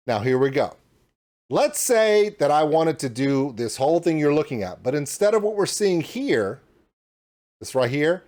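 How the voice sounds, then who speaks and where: A man hosting his own reaction channel, walking viewers through his home streaming setup in a casual, demonstrative way. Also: a little high. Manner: animated and demonstrative, pointing things out. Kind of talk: casual tutorial walkthrough.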